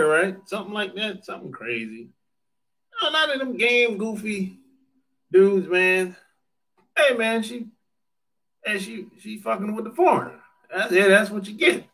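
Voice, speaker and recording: On a livestream, a man with a high, pushed, bright voice chats casually while answering viewer comments. He jokes, swears freely and laughs often.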